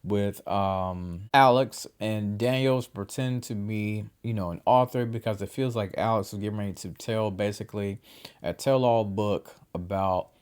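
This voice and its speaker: A man's voice: on the low side, moderate pace, smooth. A man giving a casual, slangy, chatty recap of a TV episode as the host of his own review channel. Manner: slangy, chatty, animated retelling. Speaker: TV show reviewer.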